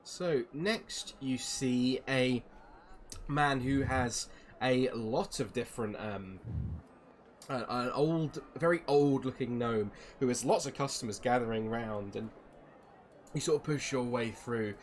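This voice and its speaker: A man's voice: mid-range voice, takes it slowly, slight background noise. A man narrating a tabletop game as game master, in a loose, rambling way with fillers.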